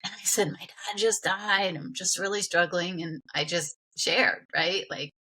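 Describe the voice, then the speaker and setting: Middle-aged woman from Vermont, interview guest, bright and slightly low voice, animated chatty storyteller. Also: a little slow, slightly rough. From Vermont, USA. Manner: animated, acts out quoted voices, many "like" fillers.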